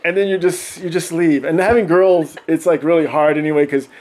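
A middle-aged man telling animated stories in casual podcast chat, often acting out voices and laughing. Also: a little high, fairly quick. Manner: animated, acts out voices of his kids and himself, laughs often. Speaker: podcast guest.

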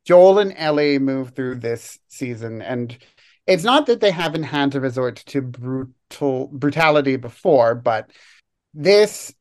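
A podcast co-host talking through a TV episode with dry humor and thoughtful analysis. The voice sits at a middling pitch, and it often slows down deliberately to choose its words. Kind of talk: casual TV analysis chat.

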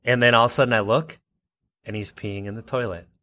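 A man in his thirties co-hosting a podcast, telling a family story in casual chat and jumping up high to quote his kids. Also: fairly even intonation, fast talker, bright, forceful tone. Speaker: podcast co-host.

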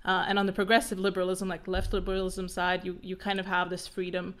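A woman, a panel guest, talks quickly and hesitantly with many restarts, sounding out of breath, in an online discussion. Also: fairly low pitch, completely flat delivery, a bit bright.

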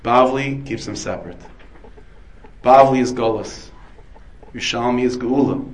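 A man's voice: mid-range voice, a little slow, rough recording. A man, a rabbi, giving a Torah lecture full of Hebrew terms, asking and answering his own questions. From United States. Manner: dense with Hebrew and Yiddish terms.

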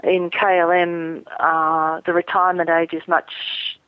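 A middle-aged woman, an airline pilot, speaking earnestly and measured as a guest in a phone interview. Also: on the low side, little pitch movement, dry recording. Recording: tinny phone line.

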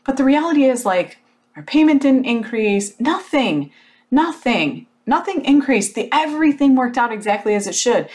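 Animated woman telling a story. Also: sits high, normal speed. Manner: animated, emphatic storytelling with frequent "like"; blunt, occasional swearing. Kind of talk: casual motivational talk.

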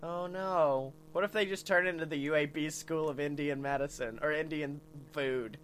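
A man co-hosting a casual podcast, with a high, bright voice. He tells rowdy stories with big swings of energy, swearing freely and breaking into laughter. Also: moderate pace, slight background noise. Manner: animated storyteller, swearing, laughing often. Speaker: podcast co-host.

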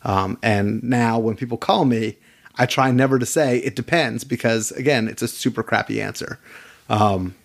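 A man's voice: medium pitch, moderate pace, gravelly. A man who works as an attorney, talking casually as a podcast guest. He tells stories with energy and often repeats his first words. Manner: animated storyteller, repeats words when starting sentences.

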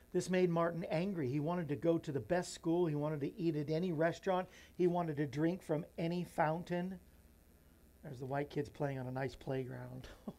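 Emotional man reading a children's book. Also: a little high. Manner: emotional, voice drops soft and near tears; earnest, folksy asides to listeners. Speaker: radio show host.

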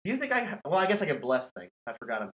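A man's voice: on the high side, huge pitch swings, racing, a bit bright, low-quality recording. A man hosting a podcast, telling a scary story in casual, profane chat and laughing often. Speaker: podcast host.

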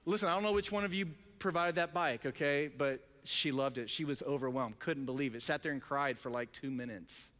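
A male pastor telling a story in a sermon, excited, with many restarts. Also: mid-range voice, fairly quick, few pauses, big-room sound.

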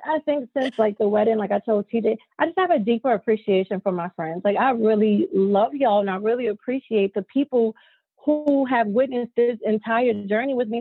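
A woman's voice: on the high side, slightly rough, dry recording. A woman in her thirties talking candidly in a casual chat as co-host, open about her feelings. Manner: candid, emotional, tearful at times. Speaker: podcast co-host. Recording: tinny phone-like sound.

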